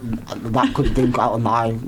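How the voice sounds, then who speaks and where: A man's voice: medium pitch, little pitch movement, moderate pace, noisy background. A man co-hosting a casual studio radio chat, teasing, often restarting his words. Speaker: radio show co-host.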